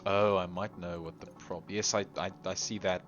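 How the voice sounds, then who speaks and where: A man's voice: deep voice, steady tone, moderate pace, fairly bright tone. A man giving casual commentary while he plays a game, chatting, humming little tunes, getting exasperated at the game and laughing at himself. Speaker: gameplay commentator. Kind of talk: casual let's-play commentary. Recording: slightly dull lo-fi recording with faint music.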